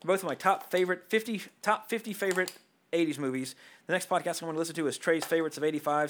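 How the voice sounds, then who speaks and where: Fast, bright-voiced male podcast host. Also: on the high side. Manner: animated, joking, talks quickly. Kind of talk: casual podcast chat.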